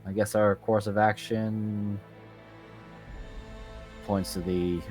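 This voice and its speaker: Low, measured man player. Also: little pitch movement, darkish tone, faint music behind. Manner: measured, describes his character's actions. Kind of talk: casual tabletop game chat.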